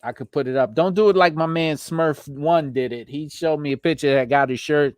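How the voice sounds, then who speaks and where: A man with a New York accent hosting a casual live stream, giving shout-outs to viewers and laughing often. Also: a little high, moderate pace, no room sound. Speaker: host.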